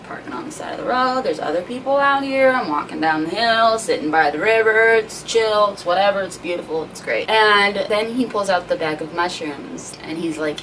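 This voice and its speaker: A woman's voice: mid-range voice, normal speed. Woman vlogger, casual storytime, cursing freely, slightly distant mic with faint hiss. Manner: profane, rambling, animated storytelling.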